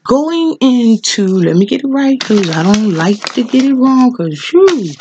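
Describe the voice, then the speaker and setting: A woman preaching fervently in a vlog, hammering home repeated rhetorical questions as her voice leaps high with emotion. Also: big pitch swings, a little slow, lo-fi sound, background noise.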